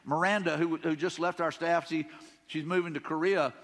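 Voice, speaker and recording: A man with a Southern drawl preaches in a casual, folksy way, often circling back over the same words. His voice sits high for a man. The sermon is heard in a church sanctuary with a long, ringing reverb. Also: fairly even intonation, normal speed, a bit bright. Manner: conversational, folksy, repeats himself, paraphrases scripture casually. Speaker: pastor.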